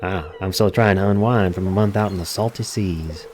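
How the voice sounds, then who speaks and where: A man's voice: low-pitched, normal speed, a little mellow, slight background noise, natural voice. A man voicing a hearty old fisherman with a wobbly sailor's accent that drifts from place to place. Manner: wobbly sea-dog accent drifting between regions.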